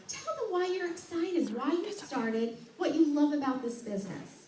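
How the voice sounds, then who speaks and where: A woman with a high, warm voice and big pitch swings leads an enthusiastic sales training session for a group in a meeting room, acting out customer dialogue and laughing often. She talks at a normal speed with few pauses. The recording is distant and echoey, with a little hiss or hum.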